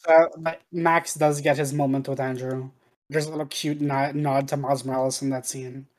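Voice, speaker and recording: A speaker chatting casually about a film, relaxed, often stammering at the start of a phrase. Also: medium pitch, moderate pace. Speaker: film discussion co-host. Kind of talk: casual chat.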